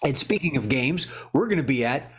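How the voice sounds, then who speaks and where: A man's voice: mid-range voice, animated, fairly quick, music in the background. Rambling jokey man hosting live improv. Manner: rambling, jokey, many restarts. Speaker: improv show host. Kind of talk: live comedy show hosting. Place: warm indoor studio.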